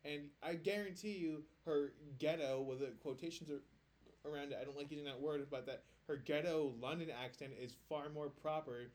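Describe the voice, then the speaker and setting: A man's voice: on the high side, normal speed, darkish tone. A man co-hosting a casual podcast, reading listener posts aloud and chatting loosely with lots of filler words. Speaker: podcast co-host.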